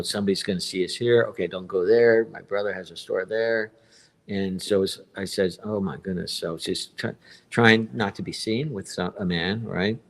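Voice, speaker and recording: A man in his fifties with a notably deep, low voice, talking casually on a live stream. He tells his personal story in a rambling way, doubling back over points and repeating himself. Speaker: guest telling his story.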